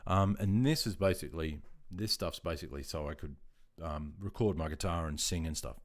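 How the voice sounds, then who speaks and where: A man in his fifties with an Australian accent, hosting a livestream and chatting casually with viewers. He is relaxed and self-deprecating, and he keeps calling people mate. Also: deep voice, a little fast. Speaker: livestream host. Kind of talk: casual livestream chat answering viewer comments.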